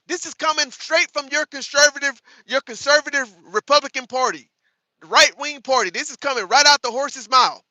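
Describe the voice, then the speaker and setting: A man's voice: very high-pitched, expressive, normal speed, pushed and bright, no echo, rough recording. A man hosting a livestream, reacting to clips and taunting his chat in a profane, combative way with lots of repetition. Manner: repeats lines for emphasis. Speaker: livestream host. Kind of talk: live reaction commentary to chat.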